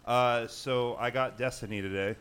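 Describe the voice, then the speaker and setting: A man with a smooth, clear voice hosts a loose gaming chat with his friends. He rambles along and laughs often. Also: medium pitch, fairly even intonation, moderate pace, fairly bright tone. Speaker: podcast host.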